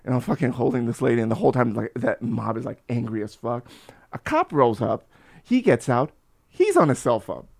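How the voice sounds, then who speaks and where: A man's voice: medium pitch, fairly quick, gravelly. A man in his forties, a podcast guest, telling stories casually, swearing often and acting out the voices of people in them. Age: 40s. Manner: animated, profane, acts out voices in his stories. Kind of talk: casual storytelling.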